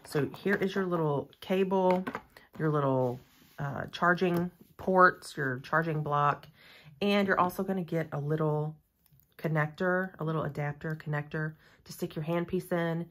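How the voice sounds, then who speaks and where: Woman, low voice, casual unboxing review, chatty, gushing, rambling asides. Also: measured pace, a bit bright. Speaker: nail content creator reviewing a product.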